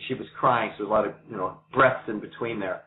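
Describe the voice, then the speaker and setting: A man answers interview questions in a brisk, storytelling way. He slips into the voices of the people he quotes. The sound is thin and tinny, like a phone line. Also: fairly low pitch. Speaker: interview guest.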